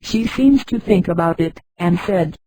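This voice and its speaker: A text-to-speech woman's voice narrating a story in an even, flat reading style. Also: on the low side, measured pace, a little hiss or hum, rough recording. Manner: even, flat reading with punctuation spoken aloud. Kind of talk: scripted narration.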